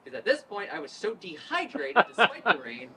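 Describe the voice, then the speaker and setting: A woman in her thirties from Northern Virginia, a politician telling a lively story at an event, acting out quotes and laughing. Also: fairly low pitch, normal speed, crowd noise. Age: 30s. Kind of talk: storytelling speech. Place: event room with crowd ambience. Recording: distant mic with noise.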